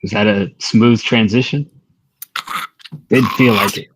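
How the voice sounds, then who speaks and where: A man's voice: on the low side, fairly even intonation, measured pace, breathy edge, poor audio. A man co-hosting a casual stream chat as a rapper, talking in a reflective, laid-back way. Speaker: co-host and rapper.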